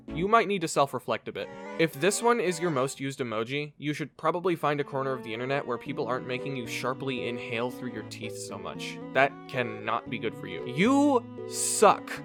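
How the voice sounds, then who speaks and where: A man roasting his audience in a sarcastic comedy monologue, his voice sitting a little high for a man and leaping all over the place, from dry mutters to loud outbursts. Faint music hums underneath. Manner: sarcastic roasting, swinging between flat asides and shouts. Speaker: YouTuber. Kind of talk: scripted comedic commentary.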